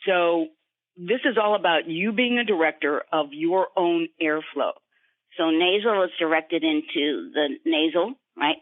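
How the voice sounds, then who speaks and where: A woman guest voice actor in an interview, explaining voice technique in an instructive way and slipping into quick voice demonstrations. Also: fairly low pitch, dry recording. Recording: tinny phone line.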